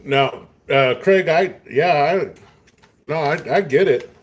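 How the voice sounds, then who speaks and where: Eating dinner on camera, a middle-aged West Texas host talks casually with his viewers in an unhurried, drawling, laid-back way. His voice is a little high and he takes it slowly.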